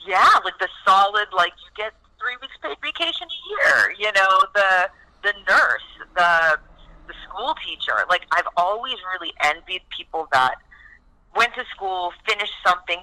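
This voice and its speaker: Bright-voiced, swearing woman guest. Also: medium pitch, lively intonation, normal speed, poor audio. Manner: chatty, swears freely, heavy use of "like". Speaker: guest actress. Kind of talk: casual interview chat.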